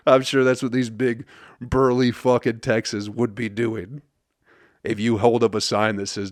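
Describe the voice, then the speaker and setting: A man's voice: lowish voice, fairly even intonation, normal speed, dry recording, studio quality. A man hosting his own podcast, telling a comedic story in a profane, rambling way and laughing at his own jokes. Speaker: podcast host. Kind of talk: casual comedic monologue.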